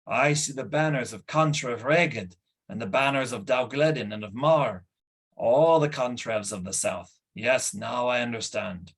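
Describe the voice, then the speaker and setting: A man voicing Gwydion, a stern and noble war leader who speaks in a measured, formal way, in an audiobook. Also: mid-range voice, slightly rough. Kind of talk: audiobook character voice.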